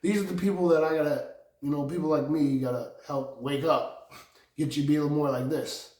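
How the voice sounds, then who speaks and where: A man rambling through a profane personal monologue, meandering and laughing often, with sudden loud outbursts. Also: a little high, fairly even intonation, a little fast. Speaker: vlogger. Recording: echoey room, distant from mic.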